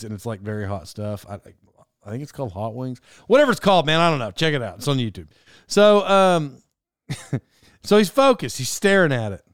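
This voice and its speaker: A young man telling a casual story, talking fast and animatedly, cutting himself off and drifting into side notes. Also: medium pitch, clear, resonant tone, no room sound, studio quality. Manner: animated, self-interrupting. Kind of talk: casual anecdote monologue.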